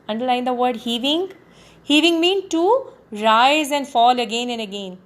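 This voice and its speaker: A woman's voice: a little high, normal speed. A woman teacher reading a poem to students and explaining hard words step by step, with many fillers. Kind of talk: classroom poetry lesson.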